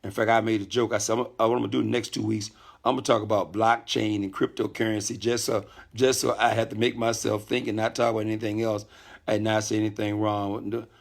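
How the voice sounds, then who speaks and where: A middle-aged man hosting a casual live stream from a hotel room, talking calmly, greeting viewers by name and often repeating himself. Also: on the low side, fast, creaky. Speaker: network marketing leader hosting a live stream.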